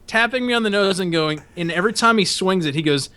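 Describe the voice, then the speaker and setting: A young man hosting a podcast, casually telling a story, swearing often, laughing and acting out shouted quotes. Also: sits high, fast talker. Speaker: podcast host.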